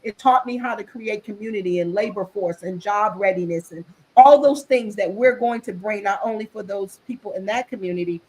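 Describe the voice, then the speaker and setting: A woman at a middling pitch, talking over a video call as a guest on an interview show. She speaks with earnest, faith-driven conviction. She often circles back, restarting phrases and repeating words as she builds her point. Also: poor audio. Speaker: guest author and business executive. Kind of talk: impassioned interview talk.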